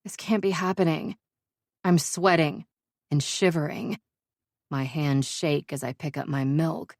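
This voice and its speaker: A woman narrating a first-person romance audiobook in a measured, intimate way. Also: low voice, fairly even intonation, darkish tone, dry recording, studio quality.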